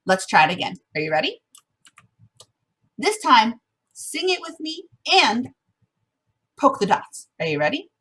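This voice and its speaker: A woman's voice: a little high, big pitch swings, a little slow, long pauses, fairly bright tone, breathy edge. A woman music teacher giving an encouraging online lesson to first graders, sometimes singing the song examples.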